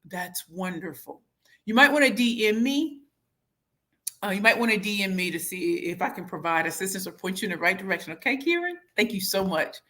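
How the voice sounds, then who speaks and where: A woman's voice: mid-range voice, fairly quick. A woman hosting a casual livestream, reading out viewer comments in a playful way and sometimes breaking into sing-song. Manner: lively, playful, bursts into sing-song and shouts. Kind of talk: casual live chat.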